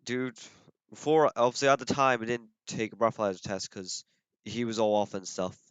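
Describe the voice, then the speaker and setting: A man's voice: fairly low pitch, moderate pace, clear, resonant tone, no room sound. A man playing a police officer giving testimony in a role-play court, casual and hesitant, with many fillers.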